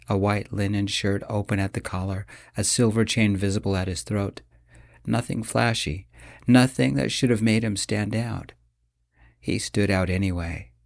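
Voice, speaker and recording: A man reads a first-person audiobook in a low voice. His storytelling is steady and measured. The recording is dry and close, with no room sound. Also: gravelly, dry recording. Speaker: audiobook narrator. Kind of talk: audiobook narration.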